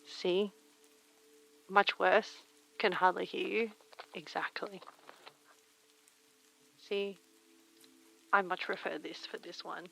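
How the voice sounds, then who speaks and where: A young woman streamer chatting softly and reading poems aloud in a breathy, near-whispered voice through a retro telephone-style mic filter. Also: mid-range voice, steady tone, takes it slowly, pauses often, faint music behind. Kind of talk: casual chat and poetry reading. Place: home streaming room. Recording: filtered lo-fi mic with faint rain.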